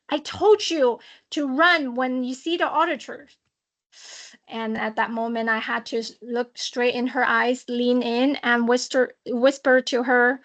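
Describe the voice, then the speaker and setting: A woman auditor giving a prepared talk on a video call, telling a work story in a lively, dramatic way with playful asides. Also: high-pitched. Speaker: social compliance auditor. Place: online webinar.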